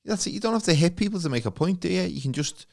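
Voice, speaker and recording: A man's voice: high voice, animated, racing, gravelly. A man, co-hosting a podcast, laid-back and laughing often while telling stories. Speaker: podcast co-host. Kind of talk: casual storytelling chat.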